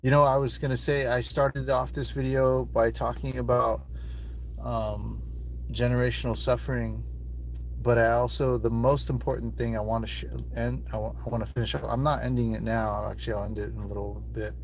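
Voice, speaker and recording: A man speaking into his phone on a live stream, rambling, raw and emotional, with frequent swearing. His voice sits at an ordinary middle pitch. It sounds like he is talking from inside a car. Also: little pitch movement, brisk, slight background noise. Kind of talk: casual live-stream talk to viewers.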